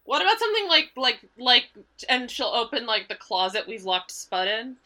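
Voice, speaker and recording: Lively, bright-voiced woman player. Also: on the high side, moderate pace. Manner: animated and chatty. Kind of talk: playing a tabletop game in character.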